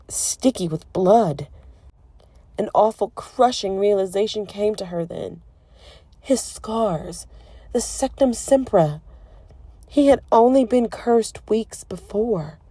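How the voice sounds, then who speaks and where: A woman narrating a romance audiobook in a soft, emotive storytelling manner. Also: lowish voice, breathy edge, no room sound. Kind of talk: scripted narration.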